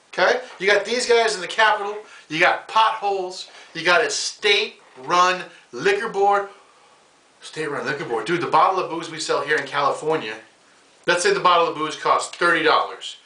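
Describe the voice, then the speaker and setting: Heard through a distant mic in an echoey room, a US male comedian with a fairly high, sharp voice rambles through a casual comedic monologue. He rants loosely and keeps calling the listener "bro."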